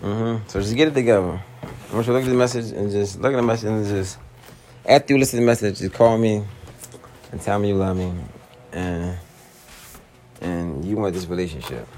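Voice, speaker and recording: A man's voice: fairly low pitch, brisk, a little mellow, slight background noise. A young man with a Philadelphia accent, venting in a profane, slangy monologue to his girlfriend. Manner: profane, slangy, pleading then exasperated. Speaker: vlogger.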